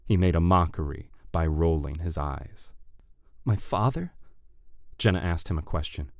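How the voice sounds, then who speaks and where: A man narrating a dark fantasy audiobook in a measured, deliberate way. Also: very deep voice, steady tone, creaky, no room sound, studio quality.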